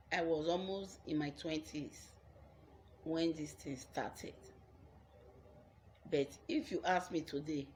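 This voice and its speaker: A woman's voice: deep voice, a little mellow, slight background noise. A young Nigerian woman with a Nigerian accent telling her own life story on her vlog, earnest and repeating phrases for emphasis.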